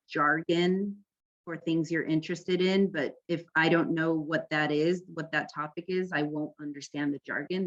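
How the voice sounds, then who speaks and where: A woman's voice: fairly low pitch, lo-fi sound. A woman from California giving an informal, conversational workshop talk on language, often checking in with "right?". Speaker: peer educator workshop presenter.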